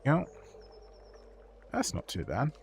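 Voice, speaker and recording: Brief: young male streamer, mid pitch, chatty and profane, rambling with fillers. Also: wildly swooping pitch, takes it slowly, slight background noise. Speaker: streamer painting models. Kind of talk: casual chat with stream viewers.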